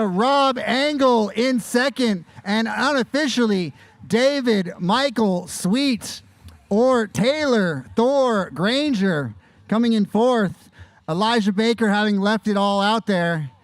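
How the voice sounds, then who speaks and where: A man's voice: very high voice, expressive, slow, no echo. A man announcing a bike race live outdoors, joking and playing with words as he calls the finish. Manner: jokey, playful wordplay.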